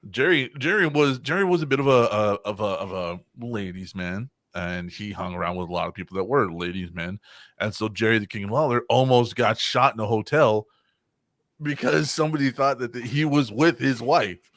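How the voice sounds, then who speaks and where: A man's voice: lowish voice, normal speed, no echo. A man co-hosting a casual podcast chat, telling wild anecdotes with lots of swearing and acted-out voices. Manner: profane, animated, acts out voices in anecdotes. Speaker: podcast co-host.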